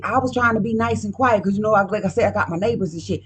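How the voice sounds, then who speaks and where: A woman's voice: mid-range voice, fast talker, few pauses, a bit bright, husky. A woman doing a casual card reading at home, talking in a profane, emphatic, rambling way. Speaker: card reader.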